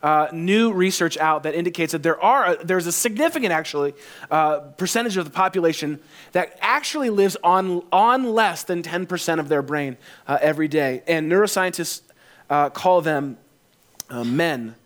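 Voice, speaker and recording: A man's voice: on the high side, expressive, normal speed, fairly bright tone. Joking, conversational pastor man. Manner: conversational and joking, repeats phrases. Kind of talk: sermon.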